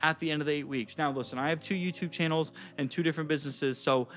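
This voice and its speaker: A young man talking casually to camera as a vlogger and coach, energetic and profane, acting out short everyday exchanges. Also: on the high side, quick pace. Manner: energetic, profane, bro-ish, acts out little dialogues. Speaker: vlogger and social skills coach. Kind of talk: casual vlog talk to camera.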